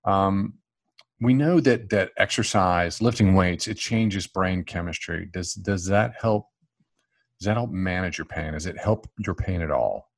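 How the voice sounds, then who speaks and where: Low-voiced host, dry sound. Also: male voice, unhurried, no room sound. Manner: friendly, stumbling restarts. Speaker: podcast host. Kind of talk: casual interview.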